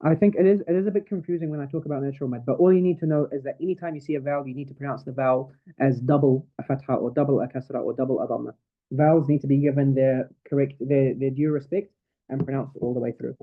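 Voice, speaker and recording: A man's voice: mid-range voice, fairly even intonation, quick pace. A man teaching a Quran recitation class online, explaining patiently step by step and reciting verses as examples. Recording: tinny phone-like call audio.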